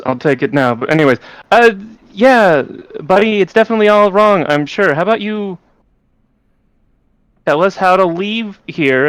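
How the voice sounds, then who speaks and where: A man's voice: a little high, clean tone, no room sound, low-quality recording. A man playing in a tabletop game, joking and wry in casual talk. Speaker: player.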